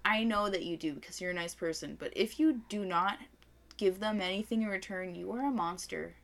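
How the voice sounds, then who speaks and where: A young woman in casual chat, animated and swearing, often laughing and mimicking voices. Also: medium pitch, fairly quick, creaky, crowd noise.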